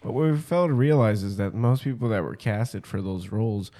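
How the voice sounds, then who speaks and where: A man's voice: brisk, mellow. A young man chatting casually as a podcast co-host, joking and often slipping into put-on voices. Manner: joking, swings into put-on posh or squeaky voices. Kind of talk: casual chat.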